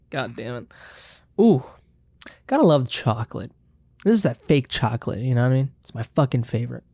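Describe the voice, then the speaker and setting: A man's voice: mid-range voice, sing-song, moderate pace, long pauses, dark tone, no echo, clean studio sound. A man hosting a casual solo podcast, talking loosely with joking swears and chewing chocolate on the mic. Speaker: podcast host. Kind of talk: casual solo podcast chat with eating sounds.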